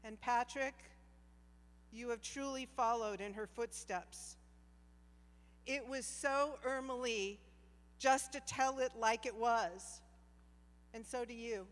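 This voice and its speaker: A woman giving a heartfelt tribute speech at a gala, slow and deliberate, on a handheld mic. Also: fairly high pitch. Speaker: former staff member giving a tribute. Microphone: handheld microphone. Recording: reverberant hall from a distance.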